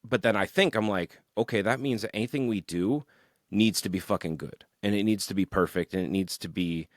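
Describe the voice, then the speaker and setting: A young man, a musician guest on a podcast, telling rambling, animated stories about his band with plenty of swearing. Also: on the low side, a little fast, dry recording, studio quality. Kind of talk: casual podcast interview.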